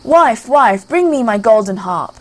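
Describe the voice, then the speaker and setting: A woman's voice: medium pitch, animated, brisk, close to an everyday voice. A woman reading a fairy tale aloud, voicing a big greedy male ogre who bellows his demands. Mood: demanding.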